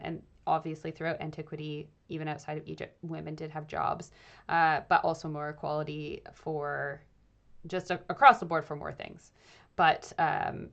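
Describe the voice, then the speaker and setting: A woman's voice: low voice, creaky, fairly bright tone, muffled recording. A young woman from the UK streaming a game and chatting casually with viewers, thinking aloud with many fillers. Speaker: streaming host and archaeologist. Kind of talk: casual live-stream commentary.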